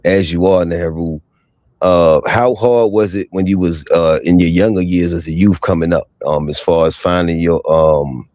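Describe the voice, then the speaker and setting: A man's voice: low voice, darkish tone, no room sound. A man hosting a casual livestream interview, asking hesitant questions full of ums. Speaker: host, interviewer.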